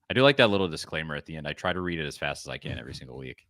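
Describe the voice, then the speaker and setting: A man hosting a casual sports podcast, chatting with laughs and rattling through ad reads quickly. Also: rumbling low, no room sound, clean studio sound. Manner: lively, laughing, reads ad copy fast. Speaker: podcast host.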